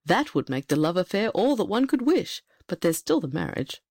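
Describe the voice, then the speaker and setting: Woman doing a dry wry storybook king, voice dropped low, calm and measured. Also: no echo. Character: wry, dignified older fairy-tale king.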